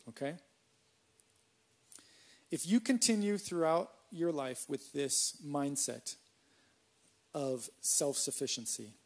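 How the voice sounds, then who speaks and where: A middle-aged male pastor preaching in a church, telling personal stories in an animated way and acting out his own panic. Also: fairly high pitch, breathy edge.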